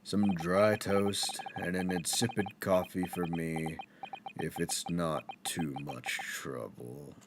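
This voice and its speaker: A man's voice: low-pitched, fairly even intonation, background noise, pitched below the performer's own voice. A man doing a gloomy theatrical detective. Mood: listless. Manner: slow, mournful, melodramatic. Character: gloomy, theatrical male detective, bored and dejected.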